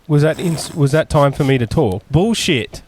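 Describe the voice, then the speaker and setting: A man co-hosting a casual comedy podcast with deadpan, contrary interjections. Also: fairly high pitch, moderate pace. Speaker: podcast co-host.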